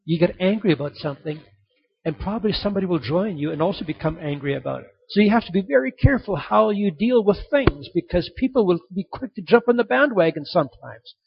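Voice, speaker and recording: A man's voice: high voice, expressive, fast, gravelly. A man preaching a sermon, telling a story and repeating key points for emphasis, in a dull lo-fi recording. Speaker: pastor.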